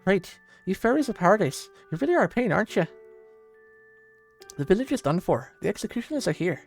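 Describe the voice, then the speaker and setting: A man voicing a gruff, protective old blacksmith who talks brusquely and urgently. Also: high-pitched, sing-song, brisk, faint music behind, voice pushed up, heavily acted. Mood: gruffly tender.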